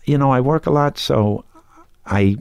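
A man talking casually as an actor guest in an interview, halting, with many restarts and fillers. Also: medium pitch, gravelly, clean tone, no room sound.

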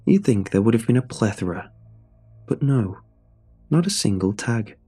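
A man narrating a true horror story in a measured, suspenseful way. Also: on the low side, very animated, warm tone, breathy edge, soft background music.

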